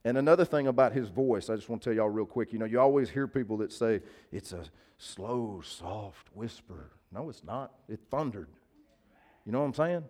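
A man's voice: mid-range voice, fast, a little mellow. A male preacher, giving a sermon in a casual, folksy way and often asking his listeners to agree. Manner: conversational, folksy, asks the crowd to agree.

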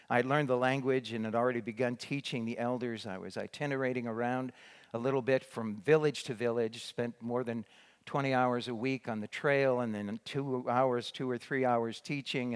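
An older man recounts his missionary years in a loose storytelling talk. He rambles, restarts his sentences and fills pauses with "uh" and "you know". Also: medium pitch. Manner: rambling with many restarts and fillers. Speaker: former missionary.

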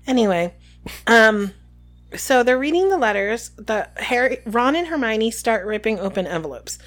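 A woman co-hosting a casual podcast, chatting and reading book passages aloud with lively voices for the quotes. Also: mid-range voice, unhurried. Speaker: podcast co-host.

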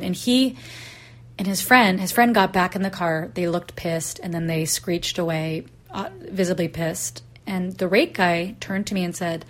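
A woman's voice: on the low side, normal speed. A woman in her thirties, a podcast host telling a personal story and acting out the voices in the dialogue she quotes. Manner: animated, acts out voices in quotes.

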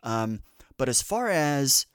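A man's voice: medium pitch, sing-song, slow pace, a bit bright, smooth, dry recording, studio quality. A man hosting a podcast in casual chat, rambling through tangents with lots of fillers and restarts. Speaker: podcast host.

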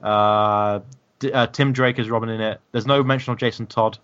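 A man's voice: fairly low pitch, steady tone, normal speed, a bit bright, clear, resonant tone, muffled recording. A man co-hosting a casual gaming podcast, joking around with playful asides. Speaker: podcast co-host. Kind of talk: casual podcast chat about games.

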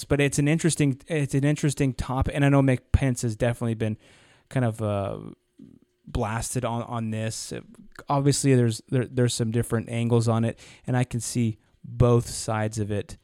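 Brief: young male podcast co-host, mellow and dry, rambling storyteller. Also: mid-range voice, steady tone, moderate pace, dry recording. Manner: rambling, acts out quoted people in anecdotes. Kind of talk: casual podcast conversation.

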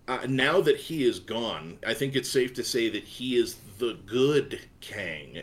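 A man hosting a casual podcast chat, talking in an excited, gushing way. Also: medium pitch. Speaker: podcast host.

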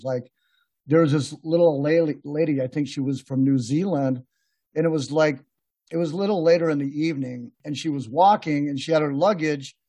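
A man's voice: on the high side, dark tone, slightly rough, no room sound. A man hosting a podcast, telling rambling, laughing anecdotes in a casual chat with many restarts. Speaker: podcast host. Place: podcast room.

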